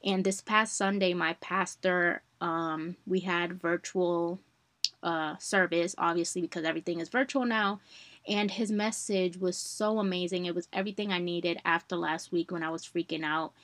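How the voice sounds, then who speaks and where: A young woman hosting a podcast, telling a personal story in a chatty, animated way and calling her listeners y'all. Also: lowish voice, normal speed, dry recording. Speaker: podcast host.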